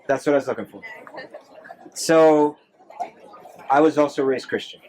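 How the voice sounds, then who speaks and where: A man's voice: fairly high pitch, a little slow, darkish tone, a little hiss or hum. A man, a monk, answering audience questions in a temple hall, earnest, with many restarts and repeated phrases. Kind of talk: live Q&A talk.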